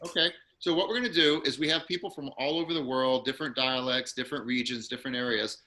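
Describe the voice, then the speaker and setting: Bright-voiced upbeat male class host. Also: medium pitch, steady tone, fast talker. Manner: upbeat, encouraging. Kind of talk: hosting a video-call class. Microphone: video call.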